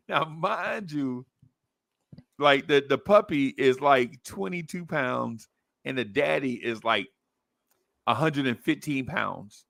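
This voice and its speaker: Animated storytelling man, dry close mic. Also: medium pitch, takes it slowly, gravelly, long pauses, no echo. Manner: excitable storyteller, acts out voices, laughs often. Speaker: podcast co-host telling a story. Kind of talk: casual chat, animated storytelling.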